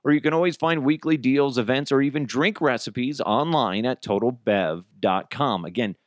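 A man's voice: mid-range voice, moderate pace, dry recording, clean studio sound. A man hosting his own podcast, ranting casually and crudely with jokes and silly voices. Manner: crude, animated, jokey storytelling with put-on voices. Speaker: podcast host. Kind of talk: casual solo podcast rant.

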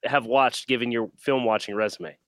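An easygoing man co-hosts a sports podcast over a video call, at an ordinary male pitch. He talks loosely and jokes around, with the odd "uh." The recording is dry and close. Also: fairly even intonation, normal speed, a bit bright, no room sound. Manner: easygoing, joking, some fillers. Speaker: podcast co-host. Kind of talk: casual sports podcast chat.

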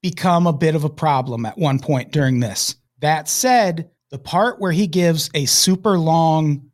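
Profane, animated man hosting a podcast. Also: fairly high pitch, unhurried. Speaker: podcast host. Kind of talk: casual chat.

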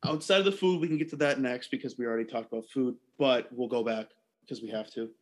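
A man's voice: medium pitch, fast talker. A man hosting a podcast, asking playful questions in a sarcastic, joking way. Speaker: podcast host. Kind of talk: casual podcast chat.

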